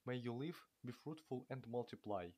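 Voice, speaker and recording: A man's voice: medium pitch, moderate pace, mellow, natural voice. A man reading aloud and voicing a blustering older father who speaks solemnly. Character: tearful, then angry old father.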